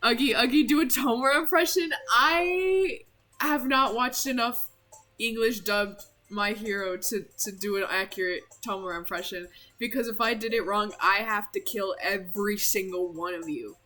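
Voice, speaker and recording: A woman's voice: medium pitch, steady tone, normal speed, pushed and bright, faint music behind. A woman streamer chatting casually, joking around in a playful way with lots of slang. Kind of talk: casual chat.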